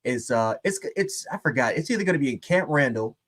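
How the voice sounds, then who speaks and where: Fast-talking man who rambles. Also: mid-range voice, animated, fairly bright tone. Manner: rambling, lots of restarts. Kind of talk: casual chat.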